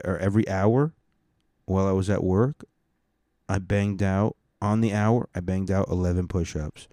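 A man with a low, mellow voice hosts a podcast in a casual monologue. He rambles through laid-back, profane stories. The sound is dry and close. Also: no echo. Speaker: podcast host and stand-up comic.

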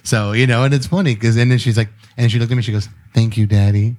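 A man's voice: medium pitch, fairly even intonation, very fast, darkish tone. A man talking casually as a podcast co-host, swearing freely and retelling stories in quoted dialogue. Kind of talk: casual chat.

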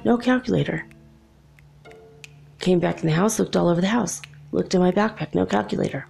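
Young woman telling a story, laughs a lot, kinda gravelly and mellow. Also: on the low side, fairly quick, soft background music. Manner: chatty, laughs often between remarks. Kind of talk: casual personal storytelling.

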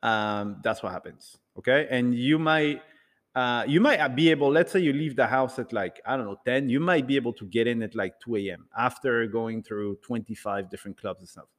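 Man, casual storytelling talk, rambling, animated, mid-pitched voice, long hall echo. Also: normal speed. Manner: rambling, animated, acts out quoted dialogue. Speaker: speaker addressing an audience.

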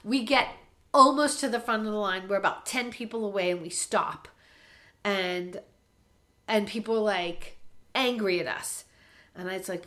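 A woman co-hosting a podcast, telling a travel story in a lively, animated way. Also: medium pitch, a little slow. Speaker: podcast co-host. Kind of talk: casual storytelling.

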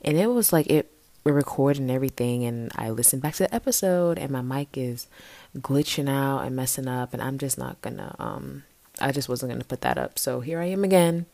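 A young woman with a very low voice hosts a solo sports podcast. She chats loosely and playfully, full of fillers and asides. The sound is dry and close, with no room in it. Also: a little mellow, no room sound. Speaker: podcast host. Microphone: home podcast mic.

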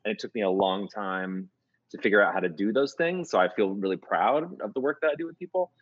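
A man with a husky, somewhat low voice spins jokey anecdotes in a relaxed interview, restarting sentences as he goes. The recording is dull and lo-fi, with a dry, close sound. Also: fairly quick, no echo. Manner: jokey, animated storyteller with many restarts. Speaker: music producer and voice coach. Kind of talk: casual interview storytelling.

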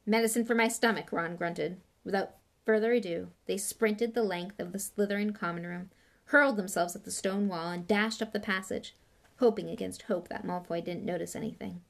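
A woman's voice: fairly low pitch, steady tone, moderate pace, gravelly. A woman reading a novel aloud in a plain way with small slips and restarts. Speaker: audiobook reader.

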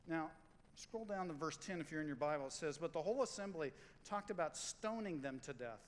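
A man preaching a sermon as pastor, in a conversational, animated way, acting out quotes and stories. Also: a little high, a little fast, long reverb tail, poor audio.

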